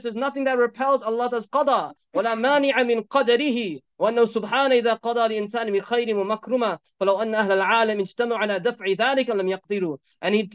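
A male preacher giving a sermon on Quran commentary, animated, with joking asides and switches between Arabic recitation and English. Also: extremely high pitch, dry recording. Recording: dull, dry lo-fi recording.

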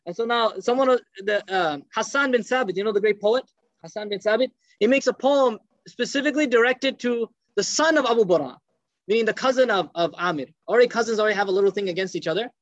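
A man with a high voice tells a religious story at a quick clip, acting out each quoted line. The recording is dull and lo-fi, with a dry, close sound and no room echo. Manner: animated storyteller, acts out quoted speech. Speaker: religious teacher. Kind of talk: storytelling lecture.

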